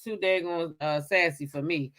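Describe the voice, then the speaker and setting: A sassy woman host with a bright, forward voice leads the casual chat. She banters playfully with her co-hosts. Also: lowish voice, steady tone, normal speed. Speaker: talk show host.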